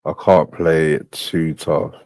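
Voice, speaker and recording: A man's voice: rumbling low, fairly even intonation, slow pace, darkish tone, no echo. A man hosting a live stream, muttering asides to himself as he plays clips. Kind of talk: casual live-stream chat.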